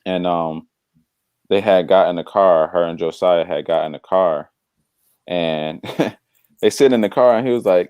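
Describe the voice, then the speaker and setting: Deep-voiced man telling a story, slangy. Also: a little slow, pauses often, clear, resonant tone, no echo. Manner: animated storyteller, acts out quoted voices; slangy, drops "bro". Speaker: devotional podcast co-host. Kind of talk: casual storytelling chat.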